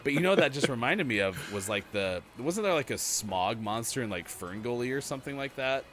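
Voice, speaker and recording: Lively man co-hosting a gaming show. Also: mid-range voice, a little fast, a crowd in the background. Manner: animated, laughing, reads out chat comments. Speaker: morning show co-host. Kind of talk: casual chat while playing a game.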